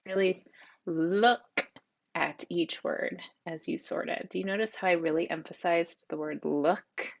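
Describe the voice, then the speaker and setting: A woman's voice: lowish voice, steady tone, moderate pace, creaky, hardly any pauses. A woman teacher giving an upbeat, encouraging spelling lesson to children, on a dull lo-fi home recording. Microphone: tablet microphone.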